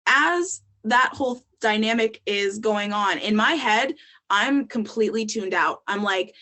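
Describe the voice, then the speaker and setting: A woman's voice: on the high side, sharp tone. A young adult woman, a podcast guest, telling her story in candid casual talk, with frequent ums and likes.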